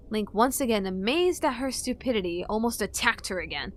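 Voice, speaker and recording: Audiobook narrator, woman, fairly high voice, steady storyteller for fantasy fan fiction. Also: brisk, hardly any pauses.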